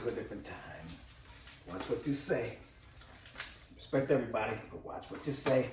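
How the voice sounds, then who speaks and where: A man talks fast and keeps up an upbeat patter while he cooks outdoors, his voice roomy and a little distant from the camera. Clear background noise sits under everything he says. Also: medium pitch, darkish tone. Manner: upbeat, chatty, repeats catchphrases, talks to viewers as "Cooks"; fast-talking. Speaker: home cook and channel host. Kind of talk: casual cooking vlog. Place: outdoors at a pellet grill.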